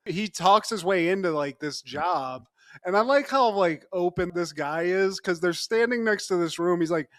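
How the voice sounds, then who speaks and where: A man's voice: sits high, fairly bright tone, no room sound, studio quality. A man co-hosting a podcast, recapping a TV episode in casual chat, laughing often and talking straight to his co-host.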